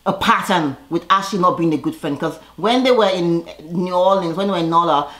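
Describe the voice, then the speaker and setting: A woman's voice: fairly low pitch, fairly quick, a bit bright. Chatty woman recapping with fillers. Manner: chatty and opinionated, with frequent fillers. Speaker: reality TV recap vlogger. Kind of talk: casual recap commentary.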